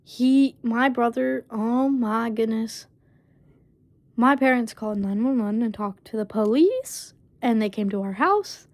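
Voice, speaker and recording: A woman's voice: a little high, a little mellow, dry recording. A woman casually telling a personal story, leaning heavily on fillers like "basically" and "um". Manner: halting, full of fillers like "basically" and "um". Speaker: storyteller vlogger.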